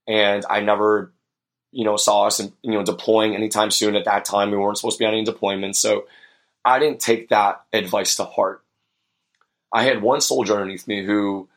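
A young man hosting a podcast, telling a personal story in an earnest, reflective way with many fillers. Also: fairly low pitch. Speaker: podcast host.

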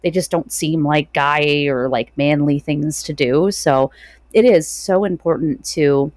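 A woman podcast host responding in a warm, effusive and reflective way. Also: sits low, measured pace, no room sound, clean studio sound. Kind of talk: conversational interview.

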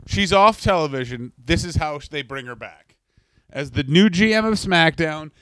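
A man co-hosting a comedy podcast, ranting in crude, sardonic banter. His voice sits fairly high, and it is recorded close and dry. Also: lively intonation, normal speed, a bit bright, dry recording. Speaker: podcast co-host.

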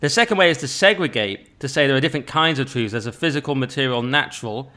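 A man's voice: medium pitch, animated, fast, sharp tone. A man hosting a podcast, explaining at length and setting out the structure of the discussion in casual conversation. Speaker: podcast host.

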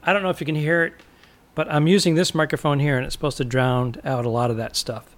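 A man's voice: a little high, fairly even intonation, fast. Joking man co-hosting a podcast. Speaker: podcast co-host. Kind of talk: casual comedy chat. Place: home studio near a construction site.

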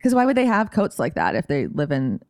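A woman's voice: sits low, wildly swooping pitch, brisk, dry recording. A woman talking in a loose, chatty way, and her voice climbs and falls a lot. The sound is close and dry, with no room in it. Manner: chatty, laughs often. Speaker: podcast co-host. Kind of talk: casual chat.

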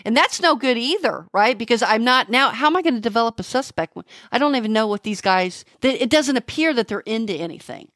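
A middle-aged woman, a homicide detective, telling the story of a case in an interview, halting and emotional, with many restarts. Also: on the high side, animated, a bit bright, dry recording, clean studio sound.

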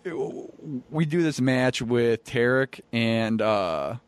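A young man chatting casually on a podcast, swearing freely, who tells rowdy stories and acts out quotes louder. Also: medium pitch, expressive, takes it slowly, clear, resonant tone, no room sound. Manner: laid-back, profane, acts out quotes loudly. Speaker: former pro wrestler, guest. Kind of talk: casual podcast chat, storytelling. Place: studio. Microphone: studio mic.

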